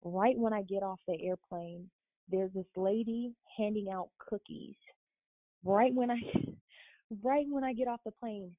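A young woman from Florida, a guest telling her story in a casual, animated way and often quoting others. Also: medium pitch, measured pace, dry recording. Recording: dry tinny phone-line sound.

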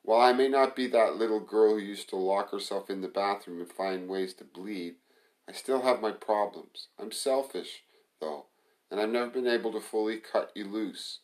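A man reading aloud the lines of a troubled, guilt-ridden young woman in his own low voice, plainly and unhurried. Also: lightly acted. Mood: weary.

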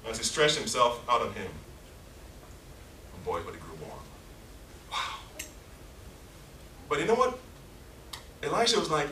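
A man's voice: medium pitch, huge pitch swings, unhurried, pauses often, bright, forceful tone, echoey room, distant mic, slight background noise. A man preaching a passionate sermon, acting out scenes in different voices. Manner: impassioned, acts out scenes in many voices.

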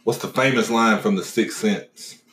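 A man's voice: on the low side, a little slow, a bit bright. A man casually quizzing his friends on pop-culture trivia, teasing and cursing freely. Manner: profane, teasing quizmaster. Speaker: host asking trivia. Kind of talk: casual chat. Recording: echoey room with faint ambience.

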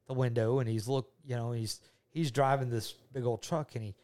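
A middle-aged man with a drawl tells a family story in a relaxed, rambling way. His voice sits at an ordinary pitch for a man. He repeats himself often and slips into the voices of the people he describes. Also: normal speed. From Georgia, USA. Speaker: father telling a story to his child.

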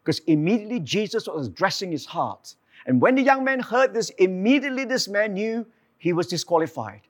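Guy preaching, high voice, acts out the quotes as he goes. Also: fairly quick. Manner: animated storytelling, acting out quotes. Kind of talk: sermon.

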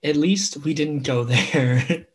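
A man's voice: a little high, slow, breathy edge. A man co-hosting a podcast in casual chat, playful and jokey. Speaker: podcast co-host.

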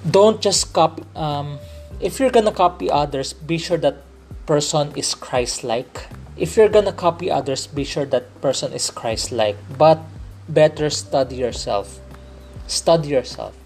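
Soft music plays behind this podcast host, a man from the Philippines with a Filipino English accent. His fairly high, darkish voice is unhurried and earnest as he hosts a faith-based show, frequently repeating and rephrasing himself.

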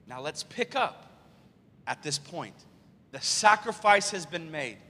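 A male pastor delivers a live sermon in a bright, slightly husky, high-set voice that leaps around in pitch. He asks the congregation rhetorical questions and swings from hushed low lines to loud exclaimed peaks. The church hall leaves a long reverb on his words. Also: expressive, slow. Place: large church sanctuary.

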